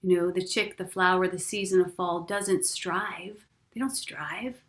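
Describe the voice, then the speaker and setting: A woman giving a casual spiritual teaching talk. She tells personal stories in a chatty, expressive way, laughs often and speaks straight to the listener. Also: on the low side, measured pace. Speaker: spiritual teacher leading a course.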